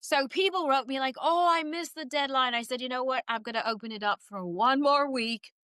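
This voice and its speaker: A woman guest, a psychic medium, telling stories in a casual interview and acting out quoted voices with quick laughs. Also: sits high, sharp tone, clear, resonant tone, no room sound.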